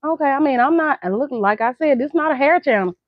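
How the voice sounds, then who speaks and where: A woman's voice: sits high, animated, quick pace, dry recording. Middle-aged woman, Southern American accent, casual chatty vlog, dry dull lo-fi sound. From United States. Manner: chatty, laughs often, addresses viewers directly. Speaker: vlogger. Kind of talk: casual chat to camera.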